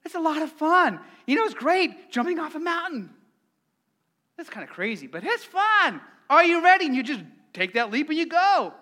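Brief: middle-aged male preacher, very high bright voice, playful and engaging with the crowd. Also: moderate pace. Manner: lively, playful, asks the congregation questions. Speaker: pastor. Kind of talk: sermon.

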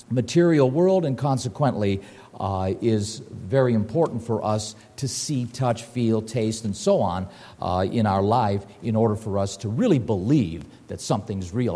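A man's voice: mid-range voice, mellow, in a large hall. An older man preaching a sermon at a lectern, telling folksy stories and reading scripture aloud. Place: church hall at a lectern.

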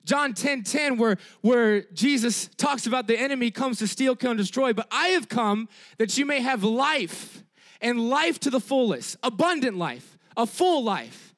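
A man preaching a sermon in an animated, emphatic way, repeating key phrases and checking in with "all right?" after many sentences. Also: very high voice, measured pace.

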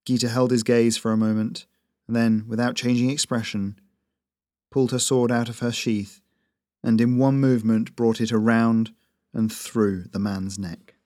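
A man reading his own fantasy fiction aloud in a steady, measured narration. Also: medium pitch, no room sound, clean studio sound. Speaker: author and narrator.

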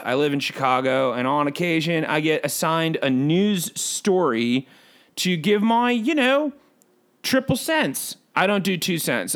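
A man's voice: a little high, a bit bright. A man voicing a bored, hyper male bird who hosts a podcast, rambling in goofy self-talking asides. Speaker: podcast host. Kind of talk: comedic character podcast. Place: home recording booth.

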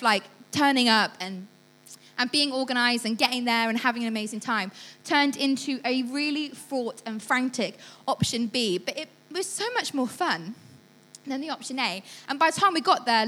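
Lively woman telling a story. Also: fairly high pitch. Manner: lively storytelling, acts out voices, laughs often. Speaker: church speaker. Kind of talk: storytelling sermon.

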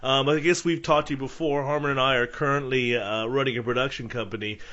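A man's voice: medium pitch, fairly even intonation, quick pace, fairly bright tone, muffled recording. A man co-hosting a podcast in casual, joking chat, laughing often. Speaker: podcast co-host.

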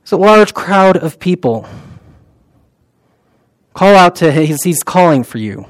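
Man, preacher, sermon, conversational, filler words, soft-spoken prayers, slightly high voice, dry close sound. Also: sing-song, a little slow, no echo, rough recording. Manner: conversational, with many fillers and quiet, softened prayer recitations.

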